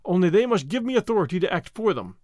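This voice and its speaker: A man's voice: sits high, big pitch swings, fast talker, a little mellow, no room sound, studio quality. A man reading the part of an impulsive young American consul, talking in emphatic bursts. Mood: excited.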